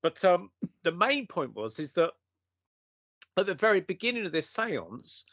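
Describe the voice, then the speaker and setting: A man's voice: sits high, big pitch swings, unhurried, fairly bright tone, no echo. A man, a guest telling a story in a casual conversation and acting out the quotes.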